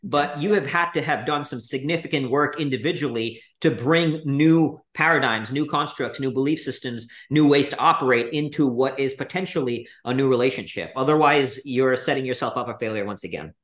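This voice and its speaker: A man's voice: medium pitch, fairly quick, few pauses, a bit bright. A man as a podcast guest, building his points steadily in long reflective sentences. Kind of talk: reflective interview answers. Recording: roomy echo.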